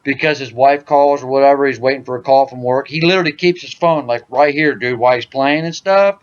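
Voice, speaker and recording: Joking man telling loud prank stories. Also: mid-range voice, a little fast, highs cut off. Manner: loud joking storyteller, says "dude" a lot. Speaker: podcast host. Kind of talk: casual gaming podcast chat.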